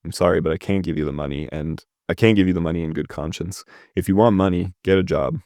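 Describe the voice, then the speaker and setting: Casting: a man voicing a stern, blunt ex-convict, low voice, read straight. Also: fast, darkish tone, no echo, clean studio sound, close to an everyday voice.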